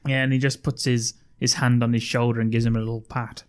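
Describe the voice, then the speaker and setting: Man, mid-pitched co-host, laughing through film recaps. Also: little pitch movement, quick pace, clear, resonant tone. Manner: amused, laughing while retelling scenes. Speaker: podcast co-host. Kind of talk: casual chat recapping a film.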